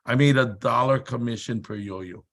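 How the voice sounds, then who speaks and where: A man's voice: mid-range voice, moderate pace. A man speaking at a seminar, telling a motivational story with emphatic, repetitive build-ups and dramatic delivery. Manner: dramatic, acts out shouted quotes.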